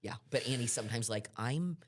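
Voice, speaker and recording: A woman's voice: a bass voice, animated, normal speed. A middle-aged woman in a casual chat, telling family stories and laughing often as she acts out quotes. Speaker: podcast guest.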